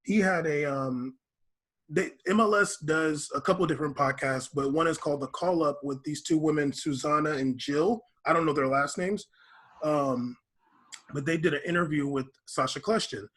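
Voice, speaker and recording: A man co-hosting a podcast in a loose, rambling way, stopping and restarting his sentences. His voice sits a little high and sounds husky. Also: normal speed, a bit bright. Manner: rambling, full of fillers and restarts. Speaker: podcast co-host. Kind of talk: casual podcast chat.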